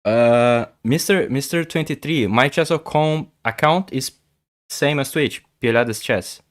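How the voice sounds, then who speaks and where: On a chess livestream, a Portuguese-speaking man with a medium-pitched voice chats casually with viewers at a measured pace. He stammers often and repeats words.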